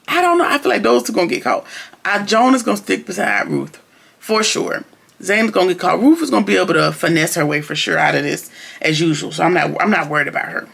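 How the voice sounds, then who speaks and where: A man's voice: high voice, big pitch swings, fast, gravelly, a bit bright. A man giving a casual, rambling recap of a TV episode, chatty and slangy with frequent restarts. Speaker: TV episode reviewer.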